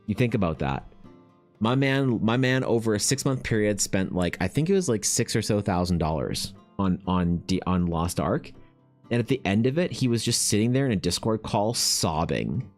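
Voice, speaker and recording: A low-voiced man chats loosely while he paints, ranting and swearing as he goes. His voice sits deep, and faint music plays behind him. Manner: swearing, animated, rants. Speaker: artist streamer. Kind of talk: casual rambling chat while painting.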